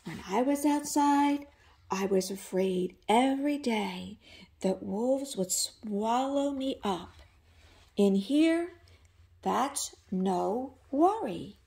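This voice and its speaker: An unflappable storybook duck, calm and contented, read aloud by a woman. Her delivery stays matter-of-fact and cheerful, at an unhurried pace. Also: on the high side, gravelly, exaggerated voice. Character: calm, contented duck living inside a wolf.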